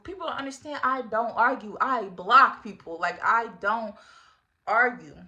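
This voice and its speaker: Woman, 20s, storytime vlogger: slangy and animated, laughs a lot, a bright voice that sits somewhat high. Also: moderate pace, highs cut off. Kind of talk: casual storytime.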